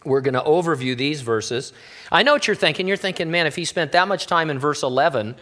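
A man, a pastor, preaching a sermon in a relaxed, conversational way with wry, joking asides. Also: on the high side, a little fast.

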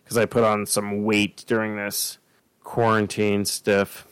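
A man's voice: lowish voice, completely flat delivery, slow, clean tone, no room sound, poor audio. A man hosting a casual podcast chat, telling rambling stories over a remote call. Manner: chatty, rambling storyteller. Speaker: podcast host.

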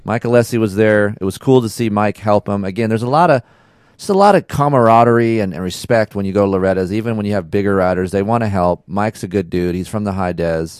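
A man with a fairly low voice chats on a casual podcast and tells a story in a relaxed, slangy way. The sound is dry and close, with no room echo. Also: fast talker, smooth. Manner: laid-back storytelling with slang. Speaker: podcast host. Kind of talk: casual chat.

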